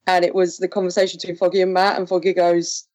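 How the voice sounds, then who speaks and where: A woman's voice: on the low side, completely flat delivery, fast talker, darkish tone, muffled recording. A woman co-hosting a casual podcast, recapping a show chattily with frequent fillers and laughs. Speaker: podcast co-host recapping episodes. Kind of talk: casual chat.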